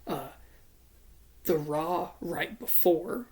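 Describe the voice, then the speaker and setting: A casual voice walks through imagined wrestling matches blow by blow, in a middle pitch. The talk is blunt and swears freely, with a playful edge. It is an informal solo commentary. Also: drawn-out words, darkish tone. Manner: storytelling narration of imagined matches.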